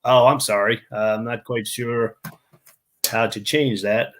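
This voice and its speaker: A man giving a remote interview on a video call, halting and restarting often as he explains things at length. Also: medium pitch, fairly even intonation, fairly bright tone. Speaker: interview guest.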